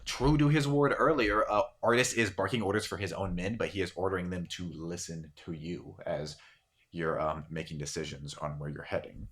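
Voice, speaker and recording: A man's voice: low voice, fairly even intonation, normal speed, a bit bright. A man narrating a tabletop role-playing game as game master, casual and rambling with lots of fillers.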